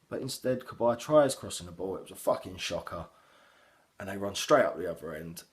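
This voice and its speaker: A man's voice: on the low side, fairly quick. A young man gives a casual, sweary, rambling reaction to a football match he watched as a fan. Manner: heavy swearing, animated, rambling with fillers.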